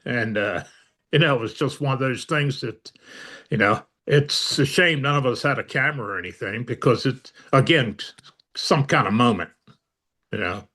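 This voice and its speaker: An older veteran is being interviewed and recounts old memories, rambling with plenty of fillers and a dry sense of humor. His voice sits at a medium pitch, moves at a moderate pace, and has a sharp tone.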